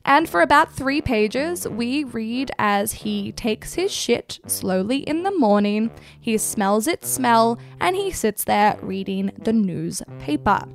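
A woman's voice: fairly high pitch, animated, slow pace, faint music behind. A woman hosting irreverent literary commentary, speaking crudely and laughing often as she talks. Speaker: host.

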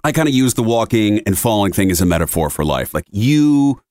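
A man in his thirties chats on a podcast, his pitch swinging widely as he tells a story and acts out the lines of the people in it. The sound is dry and close on a studio mic. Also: a little fast, dry recording. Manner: animated storyteller, acts out quotes in big voices. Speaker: podcast co-host. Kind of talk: casual chat. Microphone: studio mic at a console.

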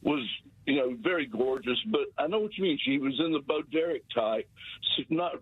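A man's voice: fairly high pitch, animated, normal speed, slightly rough. A man calling into a radio show, talking hesitantly with many fillers over a phone line. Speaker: caller. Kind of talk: phone-in chat.

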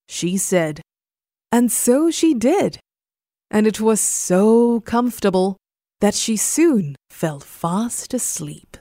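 A young adult woman storyteller giving a slow, expressive bedtime story narration. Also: mid-range voice, no echo, clean studio sound.

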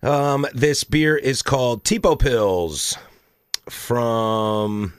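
A man's voice: mid-range voice, drawn-out words, clean tone, dry recording, studio quality. A man co-hosting a casual beer podcast, joking around, laughing often and slipping into playful silly voices. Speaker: podcast co-host.

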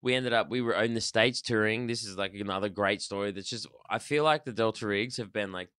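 A man in his thirties tells band stories in a casual, animated rush. He swears freely and often restarts his sentences. The mic sound is dry and close. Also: fairly low pitch, a little fast, clean tone, dry recording. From Australia. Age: 30s. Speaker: band member, guest. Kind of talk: casual storytelling.

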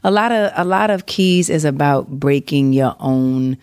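A woman's voice: low-pitched, lively intonation, a little slow, darkish tone, clean tone, no room sound, clean studio sound. A woman from New York, a musician being interviewed, talking casually and with enthusiasm about her work. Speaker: guest musician.

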